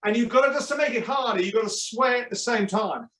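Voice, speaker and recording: A man's voice: extremely high pitch, fast talker, sharp tone, far from the mic. A man hosting a webinar, playful and encouraging the audience. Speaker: webinar host. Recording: echoey room, off-mic.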